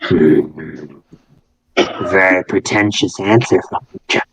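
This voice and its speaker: A man's voice: mid-range voice, lively intonation, a little mellow, close to an everyday voice. A man voicing a condescending queen who speaks into a character's mind in a tabletop game. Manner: haughty, lofty and slow.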